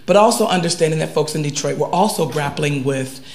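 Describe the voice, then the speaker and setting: A woman professor speaking on a university seminar panel in a relaxed, earnest, conversational way. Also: sits low, a little fast. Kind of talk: seminar talk. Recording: echoey room.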